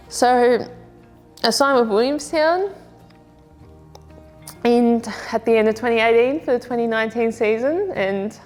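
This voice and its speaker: An Australian woman recounts her own story in a candid, plain-spoken way that wanders as she goes. Her voice sits at an ordinary pitch for a woman. The recording has a long, ringing reverb from the room. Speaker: army veteran and footballer telling her story. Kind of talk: reflective personal testimony.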